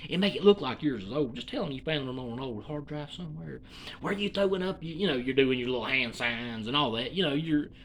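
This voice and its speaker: A man's voice: mid-range voice, expressive, a little fast, a bit bright. A man from Alabama with a Southern accent, delivering a rambling comedic monologue in a folksy, profane, meandering way.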